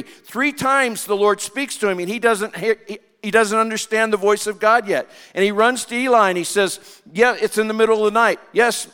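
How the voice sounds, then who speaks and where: Pastor, male, high clear voice; expressive sermon delivery in a reverberant hall. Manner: expressive preaching, acts out quoted lines.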